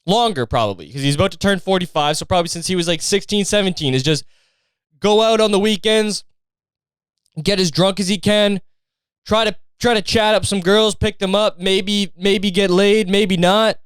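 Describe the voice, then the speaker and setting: A young Canadian man hosting a podcast, ranting casually with lots of profanity and an animated, rambling delivery, recorded outdoors on a street. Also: sits high, normal speed, smooth, no echo. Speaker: podcast host. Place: outdoors in a street after a match.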